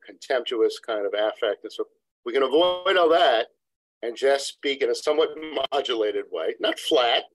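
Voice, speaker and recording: A man's voice: medium pitch, animated, normal speed, low-quality recording. A man, a couple therapist, explains research in a lecturing, digressive way as an interview guest. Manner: lecturing, digressive, acts out quotes. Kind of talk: expert explaining in a podcast interview. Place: New York City practice.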